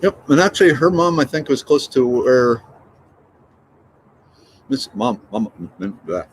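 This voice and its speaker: A middle-aged man hosts a casual morning livestream, joking and reading viewer notes aloud. His voice swings widely in pitch as he rambles along. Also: big pitch swings, measured pace, a little hiss or hum. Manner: chatty, joking, reads out viewer comments. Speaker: livestream host.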